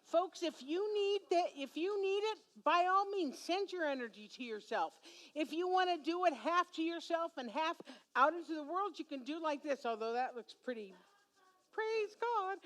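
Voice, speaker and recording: A woman's voice: high-pitched, a bit bright. A woman minister leading a closing blessing, playful and encouraging.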